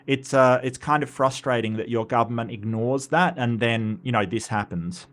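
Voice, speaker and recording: An Australian man talks through a casual livestream in a loose, rambling way, breaking off into asides and starting sentences over. His pitch sits in an ordinary middle range. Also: normal speed, a bit bright. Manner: chatty and rambling, with frequent restarts and asides. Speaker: livestream host.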